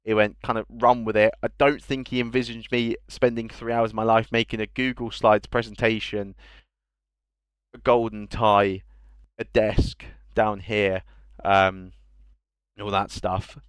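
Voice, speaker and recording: Man, esports league host, casual stream banter, smooth clear voice, dry close sound. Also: lowish voice, flat delivery, unhurried, no echo. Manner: chatty, banter-filled, reading out names. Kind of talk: casual livestream awards presentation.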